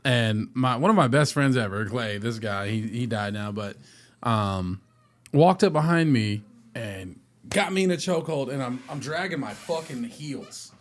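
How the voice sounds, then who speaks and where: A man bantering on a podcast with a voice that swings up and down. He swears freely, laughs a lot and jumps high for quoted voices. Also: expressive, a little slow. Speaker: podcast co-host. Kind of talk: casual banter.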